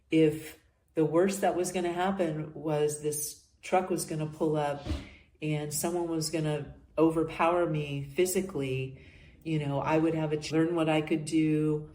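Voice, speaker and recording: A woman's voice: deep voice, warm tone. An older woman hosting a podcast, talking earnestly through a personal monologue and often trailing off and restarting. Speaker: podcast host. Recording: echoey room.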